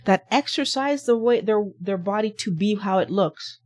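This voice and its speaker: A woman's voice: mid-range voice, expressive, moderate pace. Emphatic woman hosting a health talk. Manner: emphatic, repetitive rhetorical questions. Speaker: health channel host. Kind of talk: motivational talk to camera.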